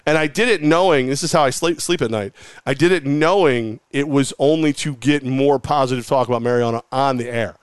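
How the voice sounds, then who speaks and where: A man's voice: mid-range voice, brisk, clean tone, no echo. A middle-aged man in a mid-range voice, telling rambling stories as a guest on a podcast. He talks animatedly and fills his sentences with "like." The recording is close and dry, with no room sound. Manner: animated, rambling, heavy use of "like". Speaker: guest, former sports radio host. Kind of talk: casual interview storytelling.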